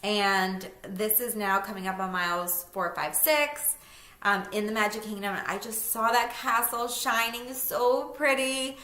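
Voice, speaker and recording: Bright chatty woman in an echoey room. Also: mid-range voice, steady tone, a little slow. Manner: chatty, fillers and laughing asides. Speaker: vlogger. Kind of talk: casual storytelling.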